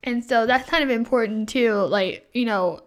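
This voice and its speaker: A woman's voice: a little high, moderate pace. A young woman co-hosting a casual Bible study chat, talking in a loose way with fillers and easy laughs. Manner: chatty, many fillers, laughs easily. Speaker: podcast co-host.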